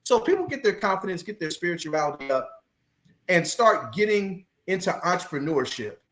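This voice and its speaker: Preaching pastor guest in an echoey room. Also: male voice, high voice, sing-song, normal speed, a bit bright. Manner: preacherly, building passion, repeats key phrases. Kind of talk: preaching in a podcast interview.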